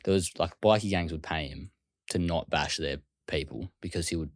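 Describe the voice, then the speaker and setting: An Australian man, a guest telling stories casually and acting out other people's lines in quick quoted voices. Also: rumbling low, dry recording, clean studio sound. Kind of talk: casual storytelling.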